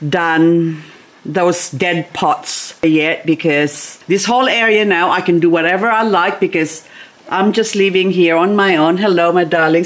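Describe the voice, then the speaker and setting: Slow, low-pitched woman chatting at home. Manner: soft, slow and chatty, baby-talks to her pet bird. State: grieving, recently teary. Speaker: gardening vlogger. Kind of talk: casual chat to camera. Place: home, indoors.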